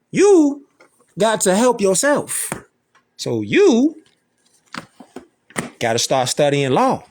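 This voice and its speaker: Male online commentator, mocking, slangy, repetitive, unhurried, swooping pitch.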